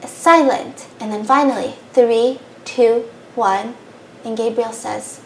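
Young woman podcaster telling a story, chatty and animated, kinda echoey room. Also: a little high, slow. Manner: animated, fillers like "like". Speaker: podcast host. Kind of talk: casual storytelling. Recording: roomy with faint background noise.

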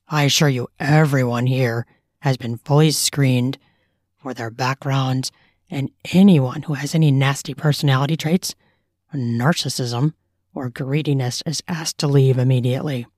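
A gentle, composed man leads with a steady, lowered voice, direct and kind in an audiobook reading, as a woman puts him on. The delivery is dry and close. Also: measured pace, no room sound. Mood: reassuring. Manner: calm, direct, reassuring. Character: calm caring male party host, a gentle leader.

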